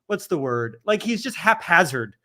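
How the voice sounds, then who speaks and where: A chatty man co-hosting a postgame soccer podcast, his fairly high voice rising and falling a lot. He's playful and quick to toss questions to the others. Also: sing-song, sharp tone. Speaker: podcast co-host. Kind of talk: casual postgame chat.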